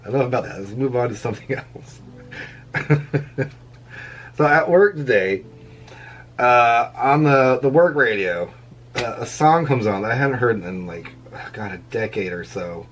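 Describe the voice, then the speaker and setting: A man's voice: medium pitch, expressive, measured pace, long pauses, a bit bright, a little hiss or hum. A middle-aged man chatting casually while drawing, rambling through a story and chuckling often at his own jokes. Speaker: vlogger. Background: faint background music.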